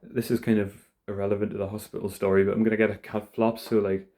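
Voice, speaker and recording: Brief: young man, casual profane monologue, warm mellow tone, indoors at home. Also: fairly low pitch, little pitch movement, fast talker. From United Kingdom. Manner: rambling, profane, rough-edged. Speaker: vlogger.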